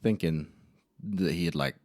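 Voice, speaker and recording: A young podcast host speaks on his own to a camera mic in a room, meandering through embarrassing stories about himself. His very low voice comes across a little mellow and unhurried, in a dry, close-sounding space. He curses casually and mocks himself along the way.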